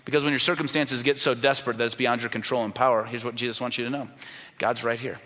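A man preaching a sermon in a church, talking with the congregation and asking them questions, dropping his voice soft when he quotes the people in his stories. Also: mid-range voice, steady tone, fast. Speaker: pastor. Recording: long reverb of a large church hall.

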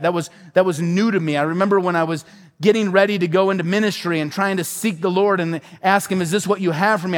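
A male pastor delivers a sermon in a fervent, emphatic way, stacking repeated phrases for force. His voice sits high for a man, and it rings out with the long reverb of a large hall. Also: fairly bright tone.

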